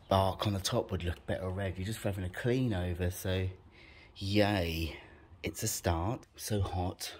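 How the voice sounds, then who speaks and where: A man with a low, slightly rough voice films a casual home vlog on a handheld phone as he moves around his house and garden. Chatty and giggly, he's out of breath and tired, and jokes about how shattered he is.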